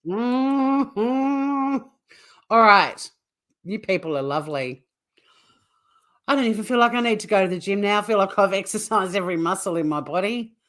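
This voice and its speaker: A woman's voice: medium pitch, animated, fairly quick, a bit bright. A woman hosting a casual true crime livestream, blunt and swearing freely, repeatedly breaking into helpless laughter. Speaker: true crime YouTube host.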